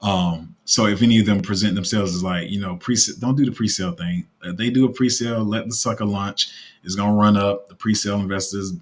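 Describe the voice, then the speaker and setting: A crypto YouTuber with a fairly low pitch and a somewhat rough throat gives casual commentary. He rambles, using lots of fillers and restarts.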